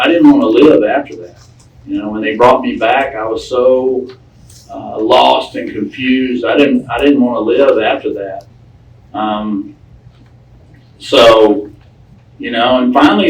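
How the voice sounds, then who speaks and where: Man in recovery telling his story, folksy and plain-spoken, mid-pitched, heard from off-mic in an echoey room with faint noise. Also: recorded from a distance. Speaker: recovery speaker. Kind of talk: personal recovery talk to a group.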